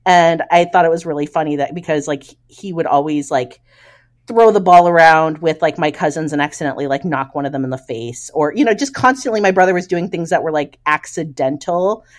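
A woman's voice: deep voice, fairly quick. A middle-aged woman co-hosting a podcast, telling a funny story from her past in casual chat. She laughs often and acts out the people in it. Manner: animated, laughing storyteller who acts out quoted voices. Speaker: podcast co-host.

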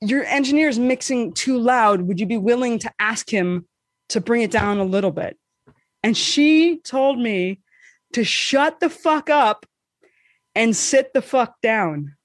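A woman co-hosting a podcast, telling a story in casual chat, animated and swearing freely, acting out the voices she quotes. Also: a little high, a little slow, no echo, studio quality. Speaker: podcast co-host.

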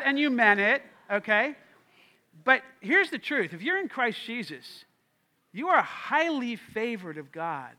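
A man preaching a sermon to his congregation with a high voice. His tone is bright and ringing. He presses his key lines by repeating them and calls on the listeners to speak back to him. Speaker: pastor.

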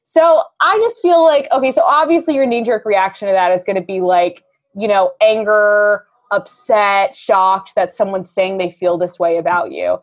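A woman's voice: medium pitch, fairly even intonation, normal speed. A woman on a podcast speaks with heated indignation, her casual talk full of swearing. She is plainly fed up and lays out her point with conviction. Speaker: podcast co-host. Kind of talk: casual chat.

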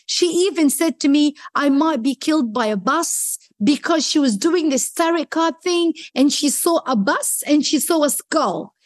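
A woman sharing a faith story in an interview, animated and excitable, acting out both sides of each conversation. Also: dry recording. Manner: excitable, acts out dialogue with rising pitch. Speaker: guest sharing a faith testimony.

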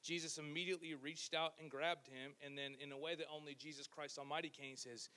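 A male pastor delivering a sermon from a church stage, his voice bright and forceful. He sits a little high for a man and tells the scripture story with energy, breaking off for wry, joking asides. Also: steady tone, quick pace, hardly any pauses.

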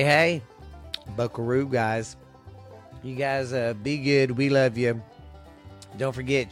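A Southern man hosting a podcast, talking loosely and excitably as he signs off. He has the hiccups and rambles from one thought to the next, with faint music in the background. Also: medium pitch. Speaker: podcast host. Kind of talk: casual podcast sign-off.

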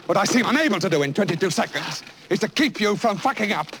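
An actor playing a menacing, eccentric male film director who speaks in a theatrical, flatly threatening way with sudden bursts. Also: high-pitched, quick pace. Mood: raging. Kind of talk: film drama acting. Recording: film soundtrack with clear background noise.

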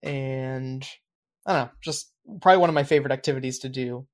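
A man's voice: medium pitch, steady tone, fairly quick. A man co-hosting a podcast in casual chat, rambling and reflective, with many fillers. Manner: reflective, explains his planning habits at length. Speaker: podcast co-host.

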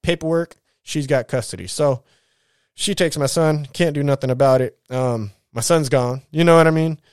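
A man in his thirties talks through his own story in a loose, rambling vlog, blunt and heavy on swearing and slang. His voice is smooth and clear at a middling pitch. It sounds close and dry, with no room around it. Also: normal speed, no room sound. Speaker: vlogger telling his life story. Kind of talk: casual confessional monologue.

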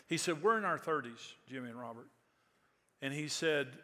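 A man's voice: on the high side, expressive, moderate pace, bright, forceful tone, in a large hall. A man in his sixties preaching a sermon, telling stories in a conversational way that rises to emphatic peaks. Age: 60s. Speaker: pastor. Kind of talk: sermon with storytelling.

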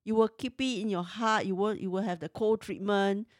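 A woman's voice: medium pitch, fairly even intonation, moderate pace, no echo, clean studio sound. A woman in her fifties tells a personal story in an emotional, exasperated way. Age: 50s.

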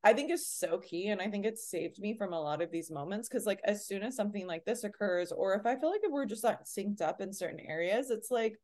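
A woman's voice: medium pitch, brisk, few pauses. A young woman in casual podcast chat, telling a dating story with lots of "like" and acted-out quotes. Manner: animated storytelling, heavy on "like", acts out quotes. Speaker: podcast co-host.

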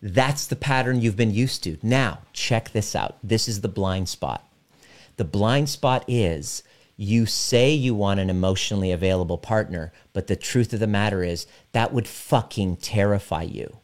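Man, relationship coach, low voice, emphatic, direct address, guided visualization. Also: measured pace. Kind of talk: coaching talk to a live audience.

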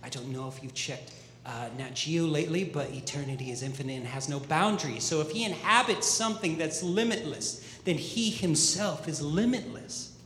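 A pastor from the American Midwest, with a slightly higher voice, preaches in a joking, conversational way. His voice rings through a church auditorium. The long reverb makes it sound roomy and distant. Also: animated, normal speed, fairly bright tone, slight background noise. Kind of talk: sermon. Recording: echoey hall with long reverb.

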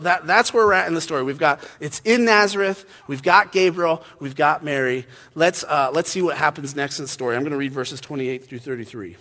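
A man's voice: a little high, fairly bright tone. A man preaching a casual, joking sermon, chatty and full of fillers. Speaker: pastor. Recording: long hall reverb.

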